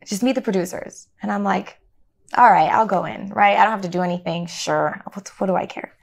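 A middle-aged actress in an interview, telling a story with lively acted-out dialogue and frequent laughter. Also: female voice, medium pitch, a little fast, creaky. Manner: animated, acts out quoted dialogue, laughs often. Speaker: actor guest.

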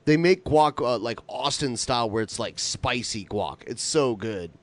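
Teasing contrarian man, very expressive. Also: mid-range voice, moderate pace. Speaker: podcast co-host. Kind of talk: casual debate banter.

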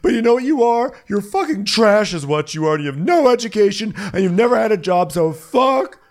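A man putting on a shrill, screaming woman who is hurling insults in a fight. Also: expressive, brisk. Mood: furious. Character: furious shrieking woman in a fight.

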